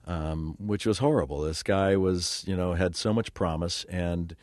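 A man's voice: sits low, a little slow, darkish tone, no echo, clean studio sound. An older man, a working actor, telling rambling, self-deprecating stories in a casual interview, with lots of fillers and restarts. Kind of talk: casual interview talk, storytelling.

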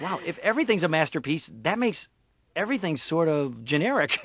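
A man's voice: fairly high pitch, big pitch swings, normal speed, fairly bright tone, husky, dry recording. A man in his forties, a voice actor, chatting playfully and laughing often in a radio interview. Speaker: voice actor guest. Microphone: studio microphone.

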